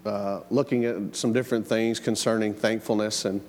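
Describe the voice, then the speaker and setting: In a church sanctuary with long hall reverb, a middle-aged man preaches as pastor, speaking conversationally, repeating words and sharing family stories. His voice is lowish, level, a little mellow and normally paced.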